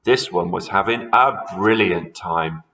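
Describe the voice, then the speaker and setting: A man's voice: deep voice, unhurried, pushed and bright, low-quality recording. A man who teaches primary school, reading a children's story aloud expressively and talking to his pupils.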